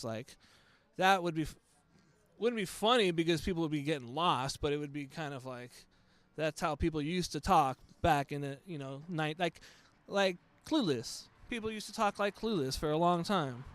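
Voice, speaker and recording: Smooth-voiced, laid-back comic man. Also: fairly high pitch, normal speed, a bit bright, no room sound. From Los Angeles. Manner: laid-back, rambling, playful voice bits. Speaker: standup comic guest. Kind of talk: casual chat.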